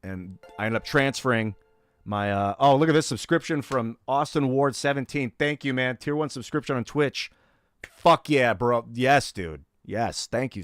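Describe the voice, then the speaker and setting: A man's voice: mid-range voice, no echo, studio quality. A middle-aged man streaming live and telling stories from his life in a loose, rambling way, with lots of fillers and swearing. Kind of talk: casual storytelling on a live stream.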